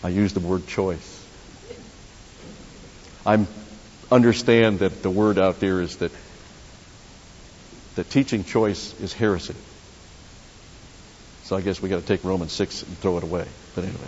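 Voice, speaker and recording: A man's voice: low voice, fairly even intonation, a little slow, long pauses, a little mellow. Man preaching in an echoey hall. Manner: conversational preaching with asides and restarts. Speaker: pastor. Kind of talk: sermon. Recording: dull roomy hall recording with faint hiss.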